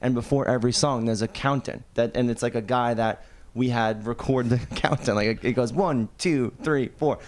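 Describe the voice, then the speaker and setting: A man's voice: medium pitch, moderate pace, a little mellow. Laughing, rambling male musician guest. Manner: rambling, laughs mid-sentence. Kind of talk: casual podcast chat.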